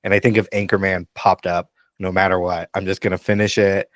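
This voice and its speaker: A middle-aged man, a pastor, chatting casually on a podcast over a video call, relaxed and hesitant with frequent ums. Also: low-pitched, brisk, hardly any pauses, no room sound. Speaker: pastor and co-host.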